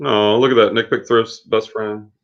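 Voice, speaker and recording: A man's voice: on the low side, level tone, normal speed. Tired, easygoing male live-stream co-host. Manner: easygoing, reads out viewer comments. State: tired late at night. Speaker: co-host of a reselling live show. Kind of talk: casual live-stream chat. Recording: dull lo-fi stream audio.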